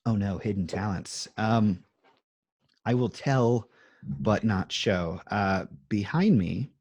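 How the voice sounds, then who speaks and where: A man's voice: sits low, darkish tone, husky, dry recording. A man in his thirties, a guest in a casual interview, chatting from a home music room over a video call in a rambling, self-deprecating way full of fillers. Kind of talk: casual chat.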